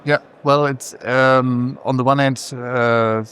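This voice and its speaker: A man speaking as a recycling company executive in a trade fair interview, measured and pausing often with fillers. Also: medium pitch, steady tone, a bit bright, slight background noise. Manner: measured, many filler pauses.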